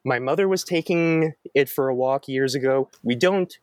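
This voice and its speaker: A young man telling a story in a casual chat, animated and acting out quoted lines in a raised voice. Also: medium pitch, moderate pace, dry recording, clean studio sound. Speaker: storyteller guest.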